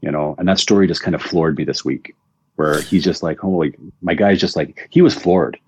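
A man's voice: very deep voice, fairly quick, darkish tone, slight background noise. A man, a recovery coach being interviewed, telling a long story in a rambling casual way and often repeating words. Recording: dull dry lo-fi audio.

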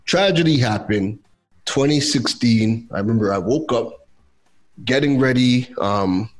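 Animated storytelling man from Trinidad. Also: medium pitch, a little slow. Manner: animated, lively retelling with quoted voices. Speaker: guest. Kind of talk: casual storytelling.

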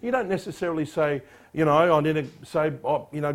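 High-voiced emphatic male preacher. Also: fairly quick, few pauses. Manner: emphatic, rising sharply on exhortations; reads scripture in a louder, declamatory voice. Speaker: pastor. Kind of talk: sermon with scripture reading.

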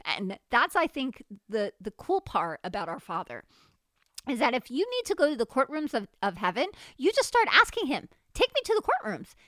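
A woman's voice: high voice, moderate pace, no room sound, clean studio sound. A woman chatting casually about faith experiences, telling stories animatedly and acting out dialogue with frequent laughs. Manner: animated storytelling, acts out quoted dialogue, laughs often. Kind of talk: casual faith testimony chat.

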